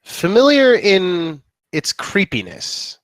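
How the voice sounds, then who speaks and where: A man narrating as dungeon master, telling the story in a slow, drawn-out way. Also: high voice, wildly swooping pitch, fairly bright tone, dry recording. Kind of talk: narrating a tabletop game.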